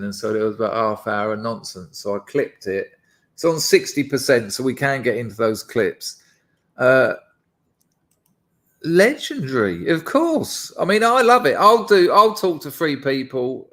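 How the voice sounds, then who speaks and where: A man's voice: mid-range voice, gravelly. A man hosting a casual live stream, rambling and chatting to his viewers with self-deprecating asides. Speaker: livestream host.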